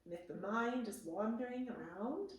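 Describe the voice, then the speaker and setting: A woman's voice: on the high side, animated, moderate pace. Soothing woman guiding a yoga class. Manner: soft, soothing guidance with gentle affirmations. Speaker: yoga instructor. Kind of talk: guided restorative yoga class. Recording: roomy, from a distance.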